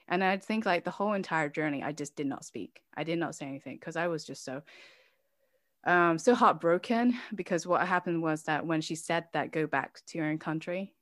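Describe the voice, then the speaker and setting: A woman's voice: fairly low pitch, fairly bright tone, dry recording, clean studio sound. A woman, an immigrant mother living in Norway, telling a personal story as an interview guest, emotional and laughing at times, with many fillers.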